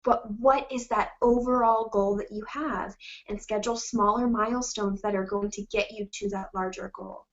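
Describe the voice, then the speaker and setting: A woman's voice: mid-range voice, fairly even intonation, moderate pace, hardly any pauses, lo-fi sound. A woman giving an earnest, encouraging motivational talk to her sales team, fighting back tears as she speaks.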